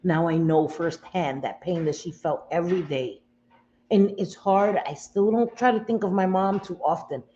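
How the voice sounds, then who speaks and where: Speaking at normal speed in a low, dark voice, this livestream host from the United States talks to her viewers from home. She's emotional and confiding, on the verge of tears, and repeats herself a lot, all captured in dull lo-fi audio with faint room noise.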